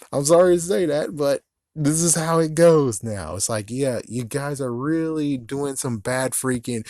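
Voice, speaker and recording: A man's voice: mid-range voice, darkish tone, dry recording, studio quality. A man who vlogs, complaining in a casual, rambling commentary and often cutting himself off in exasperation. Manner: exasperated, rambling, self-interrupting. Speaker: vlogger.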